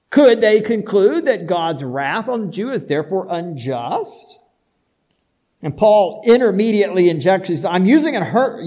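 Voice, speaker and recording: A pastor delivering a sermon, preaching emphatically with rhetorical questions and shifting between soft asides and loud declarations. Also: male voice, high voice, poor audio.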